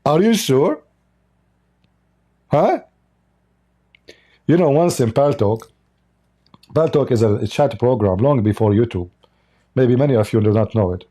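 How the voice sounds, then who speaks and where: In this livestream polemic, the male host speaks non-native English with a sarcastic, mocking edge. He has a mid-range, dark-toned voice and talks at an ordinary speed.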